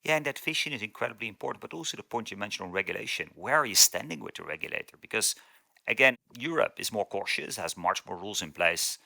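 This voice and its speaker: A man's voice: fairly low pitch, animated, fast, vocal fry, sharp tone, no echo. A man, a consulting partner, giving a business interview and laying out steps one by one. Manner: structured, lists steps methodically.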